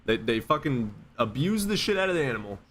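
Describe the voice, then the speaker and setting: A man's voice: medium pitch, big pitch swings, a little fast, fairly bright tone, slight background noise. A man hosting a casual livestream chat, blunt and joking, swearing freely. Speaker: livestream host.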